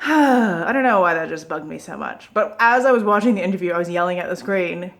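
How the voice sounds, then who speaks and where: A woman's voice: on the low side, brisk, hardly any pauses. Chatty woman with a Pacific Northwest accent. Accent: Pacific Northwest American. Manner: chatty, animated, trails off quietly. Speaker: vlogger. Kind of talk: casual rant to camera.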